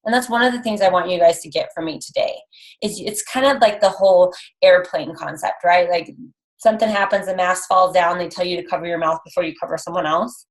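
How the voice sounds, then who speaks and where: A woman's voice: on the low side, steady tone, a little fast, low-quality recording. A woman in her twenties giving an upbeat, chatty motivational talk to her team on a call, full of likes and ums. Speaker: coach trainer.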